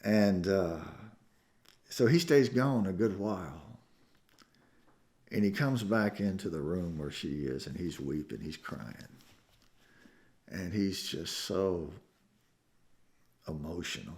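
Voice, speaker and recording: A man preaching a sermon, telling a story with emotion and swinging from hushed tones to loud climaxes. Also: low voice, expressive, slow pace, pauses often. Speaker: pastor. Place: church sanctuary.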